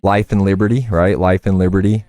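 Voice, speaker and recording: A young American man talks loosely through a livestream, rambling from one story to the next and tossing in "bro" and swear words. His voice sits low and deep, close and dry on the mic, with faint game music behind him. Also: level tone, a little fast, warm tone, no room sound. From United States. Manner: rambling, profane, says "bro" a lot. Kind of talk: casual chat while gaming.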